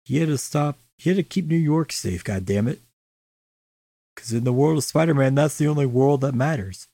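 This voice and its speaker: A man's voice: mid-range voice, moderate pace, creaky, dark tone, dry recording. A young man co-hosting a casual chat, swearing freely and making sarcastic jokes. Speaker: podcast co-host.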